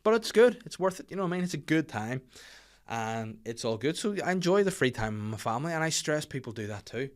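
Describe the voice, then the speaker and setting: A young adult Northern Irish man hosting his own podcast, chatting casually with swearing and animated, rising rants. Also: fast. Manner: swearing, animated rants that swing loud and high. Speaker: podcast host and comedian. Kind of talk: casual solo podcast chat.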